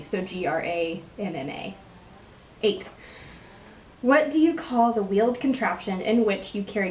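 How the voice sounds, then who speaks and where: A woman's voice: medium pitch, echoey room, far from the mic, a little hiss or hum. A young woman from Texas with a Texan accent, chatting casually and rambling through an accent tag vlog. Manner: chatty, rambling, self-deprecating. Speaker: vlogger.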